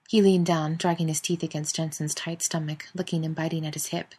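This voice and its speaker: A woman reading fan fiction aloud in an even, intimate storytelling manner. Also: sits low, brisk, few pauses, slightly rough. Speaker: narrator.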